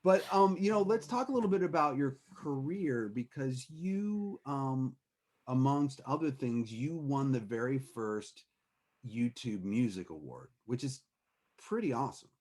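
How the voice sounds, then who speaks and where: A man's voice: medium pitch, lively intonation, a little slow, a little mellow. A man hosting a live music stream, chatting casually with hesitant fillers and restarts. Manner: sings with a soaring voice, then talks with hesitant fillers and restarts. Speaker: host.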